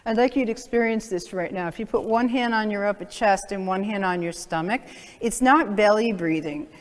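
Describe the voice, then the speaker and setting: A woman's voice: mid-range voice, a little fast. A middle-aged woman chiropractor giving a seminar talk to practitioners, earnest and conversational, with many "you know" fillers. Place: seminar hall. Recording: long hall reverb.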